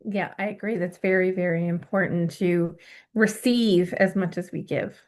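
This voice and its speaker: A woman leading a group video call, giving short, gentle, affirming replies. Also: lowish voice, fairly even intonation, moderate pace. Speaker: circle facilitator.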